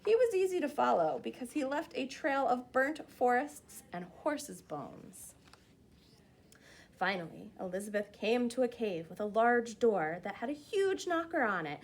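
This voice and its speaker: A woman hosting a children's story time, reading a picture book aloud and leading kids through yoga poses with expressive storytelling. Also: on the high side, unhurried, far from the mic.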